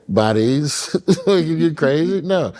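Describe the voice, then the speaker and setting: A man's voice: a little high, very slow. A man, a comedian guest in an interview, joking and laughing as he talks. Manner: joking, animated, laughing, rising into comic rants. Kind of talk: casual interview talk.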